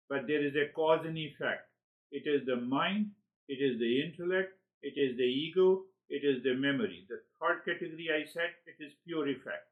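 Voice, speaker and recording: A man teaching a spiritual lesson in an animated, searching way. He repeats words like "you, you" as he reaches for the next thought. His voice sits at an ordinary middle pitch for a man. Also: phone-quality sound. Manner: animated, acts out inner dialogues with sudden laughs. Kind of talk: spiritual lecture to seekers.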